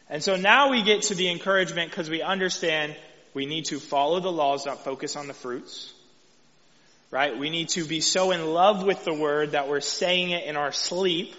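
Texan male preacher, chatty sermon style with a bright, forceful tone; dull recording with long hall reverb. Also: high voice. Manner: casual and conversational, frequent "right?" asides. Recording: echoey hall, dull lo-fi sound.

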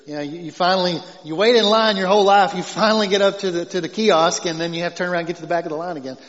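A man with a Southern accent preaching a conversational sermon as pastor, growing loud and emphatic as he quotes scripture, often chuckling. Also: high-pitched, very fast. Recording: dull long reverb, lo-fi church hall.

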